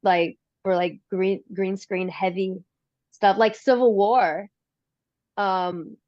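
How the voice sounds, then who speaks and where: A woman's voice: medium pitch, fairly even intonation, takes it slowly, darkish tone, dry recording, lo-fi sound. A woman chatting casually as a podcast guest, rambling with many likes and restarts. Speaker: guest, film fan who acts.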